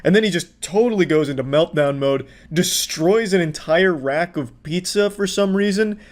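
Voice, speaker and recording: A man riffs sarcastically over clips with a slightly raised pitch. He swears freely and mocks everyone he watches. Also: moderate pace. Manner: sarcastic, profane, mocking. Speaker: commentator. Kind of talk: mocking reaction commentary.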